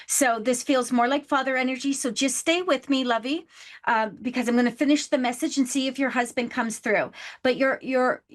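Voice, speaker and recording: High-voiced woman giving a psychic reading. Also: moderate pace. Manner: warm, affectionate, says please and love often. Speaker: psychic medium host. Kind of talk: live psychic reading with a caller.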